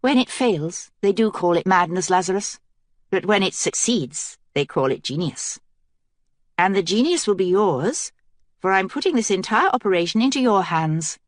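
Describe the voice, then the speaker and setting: A woman's voice: medium pitch, animated, normal speed, no echo, clean studio sound, close to an everyday voice. A woman voicing a determined young queen in an audiobook, speaking earnestly and with command.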